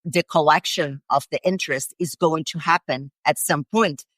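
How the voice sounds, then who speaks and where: A woman hosts a fitness podcast and speaks in an earnest, candid way, now and then with a curse word. Her voice is notably low. The sound is dry and close to the mic. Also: moderate pace, fairly bright tone, no room sound. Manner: earnest, candid, occasional swearing. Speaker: podcast host. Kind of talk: conversational interview.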